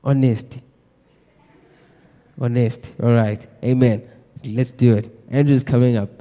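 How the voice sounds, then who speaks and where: A man's voice: mid-range voice, fairly even intonation, a little slow, mellow. A man preaching a sermon, earnestly exhorting and addressing the congregation directly. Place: church hall. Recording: echoey hall.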